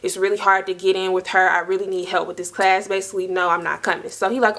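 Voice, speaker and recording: A woman's voice: mid-range voice, level tone, fast, hardly any pauses, fairly bright tone. Chatty young woman telling a story. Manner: chatty, slangy, lots of "like" and asides to "y'all". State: dry mouth. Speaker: storytime vlogger. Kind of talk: casual storytelling to viewers.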